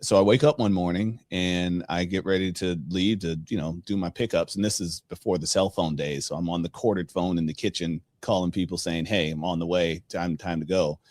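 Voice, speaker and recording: A middle-aged man hosting a podcast, telling a personal story in a casual, animated way and acting out the dialogue. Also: deep voice, fairly quick, few pauses, no echo. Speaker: podcast host.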